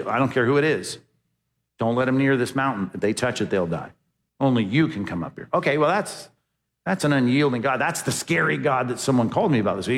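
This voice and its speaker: Conversational preacher in a reverberant hall. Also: male voice, mid-range voice. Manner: conversational preaching with rhetorical questions and emphatic quotes. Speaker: pastor. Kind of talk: sermon.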